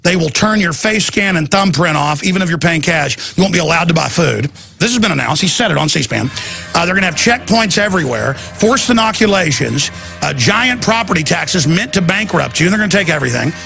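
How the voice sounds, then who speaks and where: A man hosting a talk radio show, ranting in an intense, rapid-fire, urgent way. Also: a little high, lively intonation, gravelly, bright, forceful tone, faint music behind.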